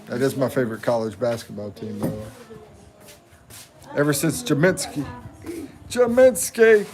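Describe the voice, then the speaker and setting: A man's voice: mid-range voice, moderate pace. A man in his fifties from the United States, hosting a casual livestream and joking with viewers as he reads their comments aloud. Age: 50s. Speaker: livestream host.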